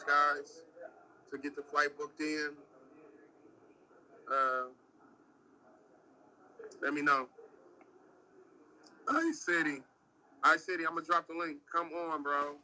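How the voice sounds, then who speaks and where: A man from the United States chats on a phone livestream from a spot near an airport. His voice sits a bit high and very bright, with a sharp, cutting edge. He rambles and swears, sounding exasperated the whole way through. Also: slight background noise, poor audio. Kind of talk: casual livestream chat.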